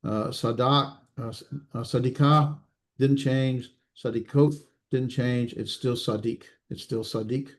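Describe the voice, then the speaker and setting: A man teaching a recorded class, explaining slowly with many fillers and restarts and checking in with his students. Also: medium pitch, fairly even intonation. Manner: checks in with students, self-correcting. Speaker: instructor.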